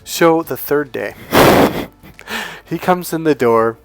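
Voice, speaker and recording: A man's voice: fairly high pitch, slow, creaky, dry recording, faint music behind. A man telling a story and acting out the people in it as a dating coach. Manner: animated, acts out the people in the story. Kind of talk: storytelling to camera.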